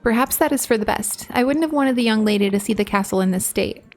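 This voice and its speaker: A woman's voice: on the high side, fast, faint music behind, natural voice. A woman reading aloud the lines of a courteous male enchanted candelabra servant in her own voice, without any accent. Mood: polite. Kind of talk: reading game dialogue aloud.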